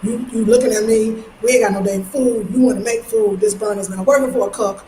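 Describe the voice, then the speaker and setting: A lively woman from New York talks straight to her viewers in a loose, slangy vlog chat. Her voice sits a little high, and she keeps jumping into squealing impressions of other people. The sound rings in an echoey room with a faint hum of ambience behind her. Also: brisk. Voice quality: animated, slangy, jumps into high mimicking voices. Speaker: vlogger.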